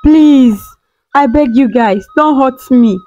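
A woman's voice: fairly high pitch, expressive, measured pace, a little mellow, lo-fi sound, faint music behind. A woman voicing a frightened young orphan girl who pleads through tears. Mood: pleading. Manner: tearful, pleading prayers.

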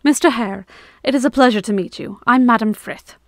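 A woman's voice: fairly high pitch, a little fast, no echo, studio quality, pitched above the performer's own voice, close to an everyday voice. A woman voicing a kind, practical woman in her mid-forties who speaks politely and formally, in a read-aloud story. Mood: kindly.

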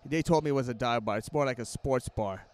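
A man casually introducing an interview in a bar, relaxed and a little hesitant. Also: mid-range voice, fast talker. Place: sports bar.

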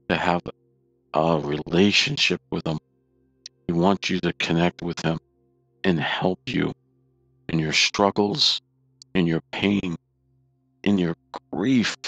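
Low gravelly male, earnest personal testimony, dry close mic. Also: fairly bright tone, no echo, dull audio. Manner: earnest, emotional, repetitive retelling. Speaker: near-death experience storyteller.

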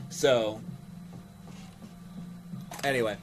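A man's voice: a little high, expressive, normal speed, fairly bright tone, faint music behind. A man telling a rambling story on his stream, swearing freely and easily distracted. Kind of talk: casual storytelling on a live stream.

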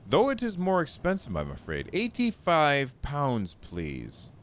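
A man's voice: on the high side, wildly swooping pitch, measured pace, pitched above the performer's own voice, full character voice. A man voicing a brusque male train guard while reading game dialogue aloud, curt and matter-of-fact.

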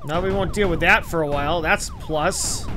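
A man commentating his own gameplay, excitable and profane, swinging between loud shouts and low mutters. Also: normal speed. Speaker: gaming video host. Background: game music.

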